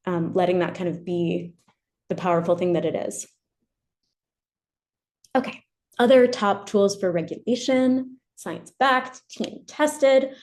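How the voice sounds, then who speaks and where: A woman educational therapist presenting a webinar, explaining gently and modeling example phrases. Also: mid-range voice.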